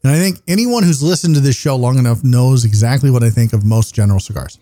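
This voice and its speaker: A tired, slightly worn-sounding man in his thirties hosts a casual podcast chat, rambling, joking and swearing freely. His mid-range voice is mellow and darker, and he talks fast. The mic is close and dry with no echo.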